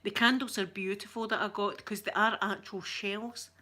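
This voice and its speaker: A woman's voice: medium pitch, steady tone, normal speed. Chatty Scottish woman, rambling and giggly. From Scotland. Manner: rambling, giggly storytelling with soft asides. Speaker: ASMR channel host. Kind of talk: chatty livestream talk.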